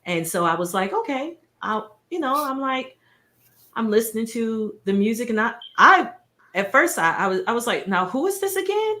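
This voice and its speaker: A woman co-hosting a radio interview, telling stories with lively reenacted quotes. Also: fairly high pitch, moderate pace. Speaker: co-host. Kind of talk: casual radio interview chat.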